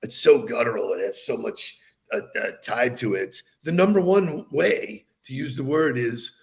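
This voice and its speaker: A man's voice: mid-range voice, moderate pace, vocal fry. A man co-hosting a podcast in casual chat, playful and laughing often. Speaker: podcast co-host.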